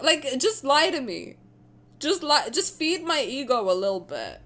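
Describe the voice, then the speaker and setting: A woman's voice: high voice, very animated, measured pace, fairly bright tone. A young woman streaming a game, chatting playfully with her chat, teasing and swearing freely. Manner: answers chat messages aloud. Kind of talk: casual livestream chat.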